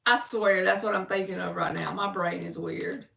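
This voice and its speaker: A woman's voice: lowish voice, steady tone, moderate pace, creaky, sharp tone, reverberant, a little hiss or hum. A woman giving a chatty live-stream tarot reading, calling viewers "baby" and reading card meanings aloud from a book. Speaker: tarot reader.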